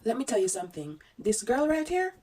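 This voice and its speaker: A woman's voice: fairly high pitch, very animated, a little fast, mellow, distant mic. A woman telling a personal story in an emotional vlog, speaking with fervent, testifying conviction. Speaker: respiratory therapist sharing a story.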